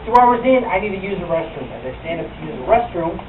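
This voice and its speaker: A man's voice: high voice, sing-song, fast, narrow, tinny audio. A male stand-up comedian telling a brash, profane story in a small club. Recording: echoey club, taped from the crowd far off. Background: audience laughter and club noise.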